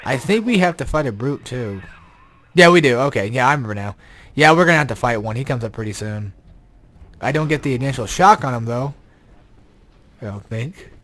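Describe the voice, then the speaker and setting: A man's voice: mid-range voice, animated, brisk, pauses often, fairly bright tone. A young man giving casual, rambling gameplay commentary, tired and yawning, swearing often and turning exasperated, with an odd robotic glitch on his voice. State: sleepy, yawning. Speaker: game guide commentator.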